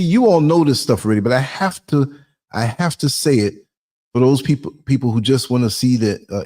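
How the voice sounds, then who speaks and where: A man's voice: mid-range voice, a little mellow. Man, livestream host, chatty, laughs a lot, reads chat. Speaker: podcast host. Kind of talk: casual livestream talk.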